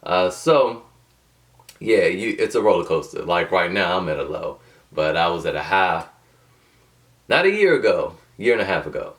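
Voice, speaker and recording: A man with a fairly low voice talks to camera in a loose, rambling way, full of slang, restarts and side tangents. He sits back from the microphone, so the sound is a little distant. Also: big pitch swings, moderate pace, long pauses, a bit bright. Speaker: motivational video host. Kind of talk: casual talking-to-camera monologue.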